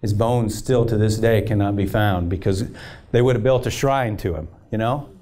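The preacher here has a warm, fairly low-pitched voice at normal speed. During a church service he leads call-and-response, repeatedly asking the congregation "amen?", while retelling scripture as a story with many restarts.

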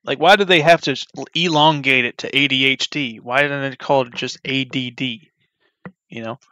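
Bright-voiced young man rambling. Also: mid-range voice, steady tone, moderate pace, clear, resonant tone, no echo. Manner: meandering, many fillers and restarts, flares into loud ranting. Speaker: video creator modding a game. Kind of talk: rambling off-topic commentary.

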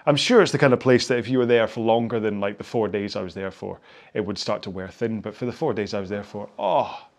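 A man's voice: lowish voice, fast talker. Guy from britain rambling through a rowing cooldown, chatty and self-deprecating. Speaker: indoor rowing instructor. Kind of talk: casual workout cool-down chat.

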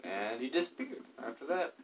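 A man's voice: mid-range voice, wildly swooping pitch, moderate pace. A man in a mid-range voice gives loose, chatty gameplay commentary, drifting between stories and muttered asides. He sounds a little distant from the microphone, with a faint hiss in the background. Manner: rambling, chatty, muttering to himself, hums while playing. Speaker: gaming YouTuber.

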